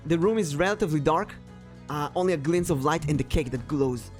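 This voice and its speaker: A woman narrating a tabletop game as game master, playful and lively. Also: deep voice, fast talker, faint music behind.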